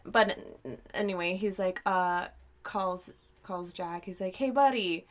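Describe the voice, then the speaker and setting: Animated woman telling a story. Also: lowish voice, slow pace. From Georgia. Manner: animated storyteller, acts out quoted voices. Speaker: podcast co-host. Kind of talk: casual storytelling chat.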